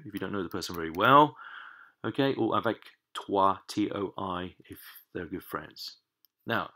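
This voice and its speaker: A man with a very low voice talks through a lesson on screen at a desk mic. He explains each step patiently, lifting the key words. Quiet keyboard taps and mouse clicks sit behind him. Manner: patient, stresses key words, mutters while fixing software. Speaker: language teacher.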